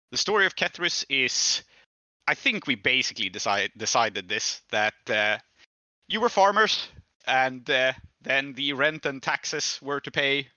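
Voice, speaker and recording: A man's voice: medium pitch, animated, takes it slowly, sharp tone, no room sound. A man hosting a tabletop game podcast as game master, upbeat and laughing often between fillers. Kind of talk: casual podcast chat.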